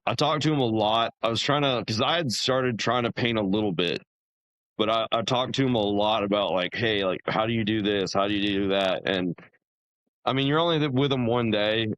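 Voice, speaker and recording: A man's voice: fairly low pitch, fairly bright tone, no echo, rough recording. A young man, a podcast guest, telling his story in a casual, rambling way, full of fillers and restarts.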